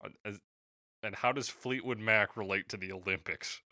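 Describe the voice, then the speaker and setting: A man's voice: fairly low pitch, moderate pace, pushed and bright, no room sound, studio quality. A man from Canada co-hosting a podcast, chatting casually and joking wryly, swearing now and then. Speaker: podcast co-host. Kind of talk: casual chat.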